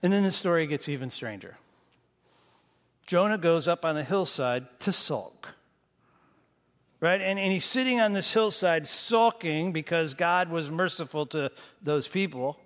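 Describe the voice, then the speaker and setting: A man preaching a sermon as pastor, moving between emphatic bursts and hushed, slow lines. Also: on the high side, expressive. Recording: long reverb of a church hall.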